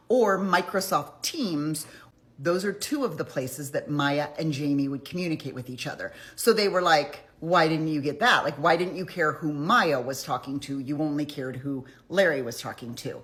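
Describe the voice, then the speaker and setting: A woman giving a casual, chatty recap of a criminal trial, retelling courtroom exchanges with emphatic quoted lines. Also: sits low. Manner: chatty, conversational, with frequent "like" asides. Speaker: true crime commentator.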